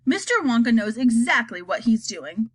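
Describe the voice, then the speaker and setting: A woman voicing a calm old grandfather who speaks firmly and soothingly. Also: a little high, normal speed, breathy edge. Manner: firm and soothing.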